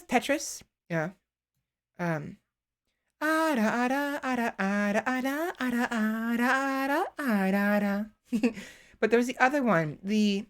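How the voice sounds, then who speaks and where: A young woman streamer chatting casually, rambling with many fillers and restarts while playing around with her voice. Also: medium pitch. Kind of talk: casual chat.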